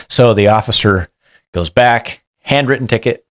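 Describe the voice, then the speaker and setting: A man with a very low voice tells a story as a police sergeant. He keeps it casual and lively, acting out quotes along the way. The sound is dry and close. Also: normal speed, no room sound. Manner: animated, acts out quotes. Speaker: police sergeant, podcast guest.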